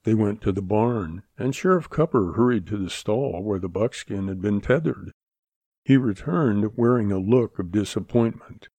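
Man narrating a western, gravelly voice. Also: on the low side, moderate pace, darkish tone, no echo. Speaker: audiobook narrator. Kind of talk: scripted narration.

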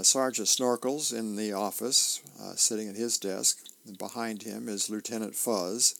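Gravelly low-voiced man reading comics aloud. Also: fairly bright tone. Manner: halting, many fillers and restarts. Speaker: newspaper reader.

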